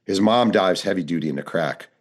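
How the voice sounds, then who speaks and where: A male author being interviewed, telling his reporting stories in a lively, narrative way and acting out the people he quotes. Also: sits low, fairly quick. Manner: vivid narrator, acts out quoted dialogue. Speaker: author and guest. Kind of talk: storytelling interview answers.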